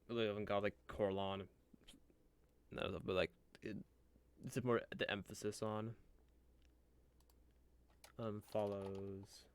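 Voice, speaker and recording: A man streaming live, musing aloud and muttering to himself with halting restarts as he builds a character. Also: on the low side, clean tone. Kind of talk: musing aloud while looking things up.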